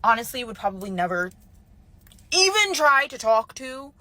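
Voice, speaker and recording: Emphatic woman with a fairly high voice. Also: very animated, moderate pace, bright, forceful tone. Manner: emphatic, keeps tagging lines with "okay?". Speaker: storyteller. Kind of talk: casual storytime to camera.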